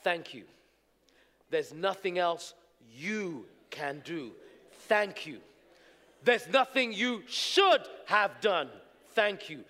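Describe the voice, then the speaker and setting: A male preacher voicing God as a calm, patient deity in a sermon story. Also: sits high, takes it slowly, pitched below the performer's own voice, exaggerated voice. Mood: patient, relieved. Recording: echoey hall reverb.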